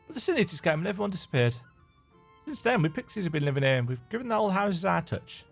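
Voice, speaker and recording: A man's voice: high voice, very animated, quick pace, creaky, faint music behind, pitched above the performer's own voice, exaggerated voice. A man doing a teasing pixie fairy. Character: mischievous playful pixie fairy, fun-loving. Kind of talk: voicing game dialogue aloud.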